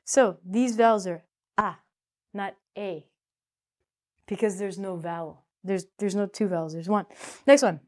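A woman's voice: mid-range voice, normal speed, darkish tone. A woman teaching English in a playful, chatty way, joking to herself as she explains. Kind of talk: casual spoken lesson.

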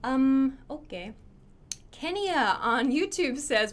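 A woman's voice: sits high, big pitch swings, slow pace, slight background noise. A woman teaching English in a cheerful live-streamed lesson, laughing often and talking to her viewers.

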